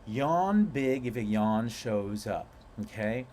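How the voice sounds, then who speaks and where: A man teaching a guided breathwork class in a playful, animated way, stretching out key words for emphasis. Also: medium pitch, takes it slowly, a little hiss or hum. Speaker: breathwork instructor.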